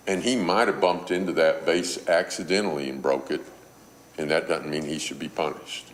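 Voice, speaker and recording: A man's voice: a bass voice, moderate pace, slight background noise. A man preaching a sermon on parenting, telling a story and acting out a mother's scolding.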